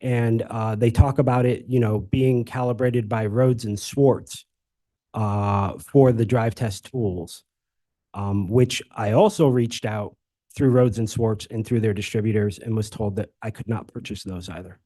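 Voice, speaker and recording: A man's voice: on the low side, fairly even intonation, measured pace, dark tone, dry recording. A man testifying as an expert witness in a courtroom, giving short confirmations and rambling technical explanations.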